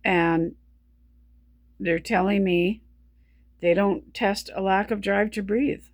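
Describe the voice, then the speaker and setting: A woman speaking in a personal video diary, short of breath while talking, halting and stumbling with many restarts, weary and subdued. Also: medium pitch, steady tone, no echo, clean studio sound. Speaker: vlogger.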